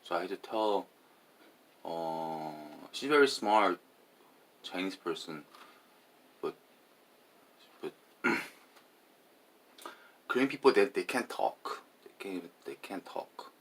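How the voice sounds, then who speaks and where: A tipsy man rambling in a casual monologue, halting and repeating his words, swinging between loud bursts and mumbles. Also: low-pitched, expressive. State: tipsy after drinking.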